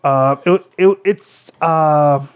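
A man's voice: a little high, extremely slow, clear, resonant tone. A young man casually telling a rambling story among friends, full of fillers and restarts. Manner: rambling, lots of fillers and acted quotes.

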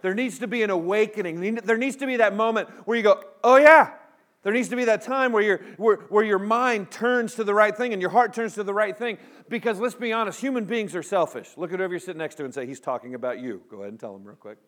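A man preaches, his voice sitting high for a man. He rallies his congregation into call-and-response with plenty of humor. His delivery is energetic and animated. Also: quick pace, few pauses. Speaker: pastor. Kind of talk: sermon.

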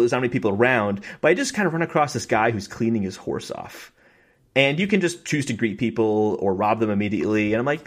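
A young man co-hosting a podcast, telling stories in an excited, fast, casual way with many fillers and acted-out quotes. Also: mid-range voice. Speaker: podcast co-host. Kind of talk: casual chat.

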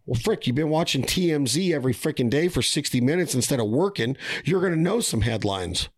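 A man's voice: on the high side, expressive, fairly quick, no echo, clean studio sound. A man hosting a casual podcast conversation. He speaks bluntly and with feeling, and throws in mild swearing. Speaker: podcast host.

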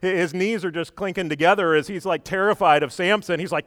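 A man delivers a sermon in a slightly high voice, recorded close and dry. He tells the story with energy, getting loud on quoted lines and dropping low for asides, and keeps checking in with questions to his listeners. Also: a little fast, no echo. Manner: asks the listeners questions often. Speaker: preacher.

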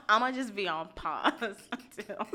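A young woman co-hosting a casual chat, telling stories in a chatty, easily amused way with quick defensive pushback. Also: mid-range voice, animated, pushed and bright. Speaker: co-host.

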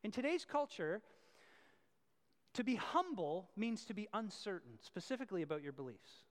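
A male pastor preaching a sermon, switching between loud emphatic points and quiet asides. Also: high voice, very animated, normal speed, long reverb tail.

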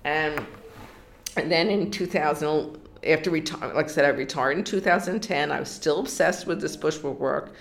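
A woman's voice: low-pitched, normal speed. An older woman from New York in an oral history interview, telling her story with many restarts and bits of quoted dialogue.

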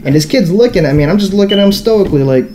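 Mellow-voiced man telling a rambling story. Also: high-pitched, expressive, very fast, a little hiss or hum. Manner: profane, rambling storyteller full of fillers. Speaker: podcast co-host. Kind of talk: casual storytelling chat.

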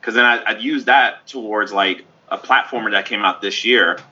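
A man chats casually on a gaming podcast, ranting with lively asides. His voice is very bright and a bit husky. The audio is somewhat dull and lo-fi. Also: lowish voice. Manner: animated, ranting, quick asides. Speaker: podcast co-host. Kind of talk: casual chat.

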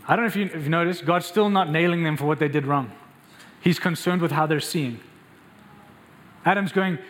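His pace is brisk and his tone fairly bright as he preaches as a pastor. He quizzes the congregation and dramatizes the lines he quotes by lifting his pitch.

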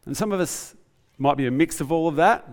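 A man preaching a conversational, animated sermon in a church. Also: a little high, fairly quick. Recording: reverberant church hall.

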